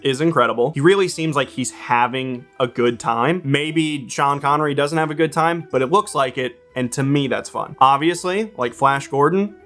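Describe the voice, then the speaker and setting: A man's voice: medium pitch, normal speed, hardly any pauses, fairly bright tone, soft background music. A man giving a casual movie review in a vlog, wry and joking, with some swearing.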